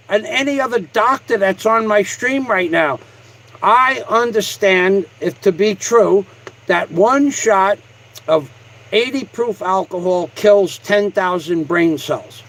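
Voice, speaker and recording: Male livestreamer with a high voice, angry and crude, hammering the same point over and over. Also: fairly bright tone, low-quality recording. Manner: angry, repetitive and heavily profane. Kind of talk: profane rant on a livestream.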